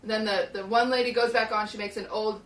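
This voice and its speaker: A woman's voice: medium pitch, fairly even intonation, a little fast, roomy sound, recorded from a distance, rough recording. A young woman streamer telling a long story in casual chat, full of "like" and restarts, acting out what people said. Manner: rambling, lots of "like" and restarts, acts out quotes. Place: small hot shed studio.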